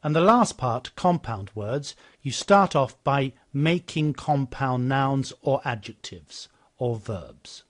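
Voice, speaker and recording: A man narrating a walkthrough of a teaching program in a steady, explanatory way, repeating the model phrases after the clips. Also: medium pitch, slow. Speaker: software demonstrator.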